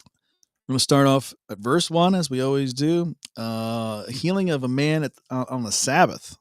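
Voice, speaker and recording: A man co-hosting a devotional show, reading a Bible passage and joking around in a relaxed, casual chat. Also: mid-range voice, normal speed, clear, resonant tone, no room sound, studio quality. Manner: laid-back, jokey, laughs often.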